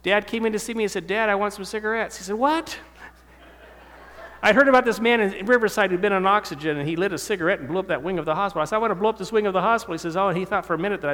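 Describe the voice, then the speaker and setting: A man's voice: medium pitch, fairly bright tone. A man in his fifties telling his life story to a church audience, acting out the voices of people in it. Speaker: speaker giving testimony. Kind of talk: storytelling sermon talk. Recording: long hall reverb.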